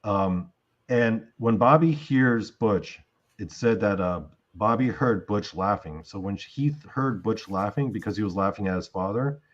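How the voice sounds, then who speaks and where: With a measured pace and a lowish voice, and with the high frequencies cut off, a man hosts a podcast of casual storytelling. His retelling wanders, heavy on filler words and acted-out quotes.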